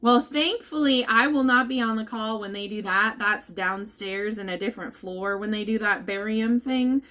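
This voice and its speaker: A woman's voice: medium pitch, moderate pace, bright, forceful tone. A woman giving a casual update to her followers, emotional and laughing, now and then near tears. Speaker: vlogger updating viewers.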